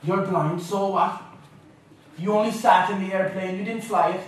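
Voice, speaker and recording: A woman's voice: medium pitch, fairly even intonation, normal speed, slight background noise, lightly acted. A man imitating a tough, unimpressed old grandmother with an Irish-sounding accent, speaking dryly and scoldingly. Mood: scornful. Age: older. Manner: dry, scolding and deflating. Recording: echoey lecture hall from far off.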